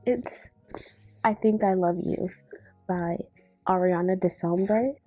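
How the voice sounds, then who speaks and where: A young woman chatting casually to the camera in a rambling, excitable way. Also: fairly low pitch, takes it slowly, no room sound, faint music behind. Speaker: vlogger. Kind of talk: casual vlog chat.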